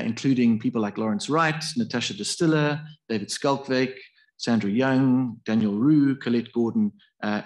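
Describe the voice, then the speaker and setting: A man's voice: medium pitch, darkish tone. A man giving a university lecture in a hall, thinking aloud in a hesitant, discursive way. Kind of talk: academic public lecture.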